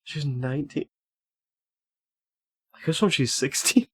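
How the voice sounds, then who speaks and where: A man's voice: fairly high pitch, lively intonation, takes it slowly, fairly bright tone, slightly rough. Giggly man rambling over a game stream. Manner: giggly, rambling, many fillers. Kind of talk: casual game stream commentary.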